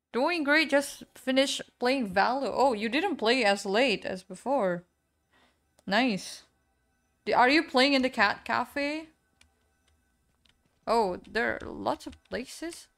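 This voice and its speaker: A woman's voice: on the high side, expressive, slow pace, long pauses, fairly bright tone. A young woman streaming a game, chatting casually with her viewers, reading out chat and apologizing often. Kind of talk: casual live-stream chat while gaming.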